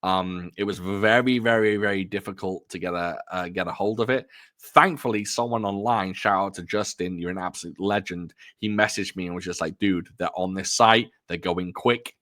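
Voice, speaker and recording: His voice sits low and a bit bright, at normal speed, as this adult film collector vlogger chats at home about movies he's purchased. He rambles, stays chatty and cracks jokes at his own expense while showing them off.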